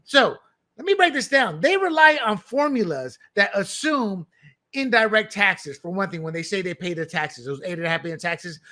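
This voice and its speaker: A man's voice: high voice, very animated, normal speed, pushed and bright. A man hosting political commentary, delivering opinions in a combative, emphatic and scornful way.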